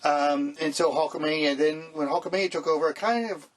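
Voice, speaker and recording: A middle-aged man speaks as a podcast co-host in a relaxed, casual way. His voice is slightly high for a man, and he talks bluntly, swearing freely and filling pauses with "uh" and "um". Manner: blunt and profane, with filler words. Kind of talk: casual chat.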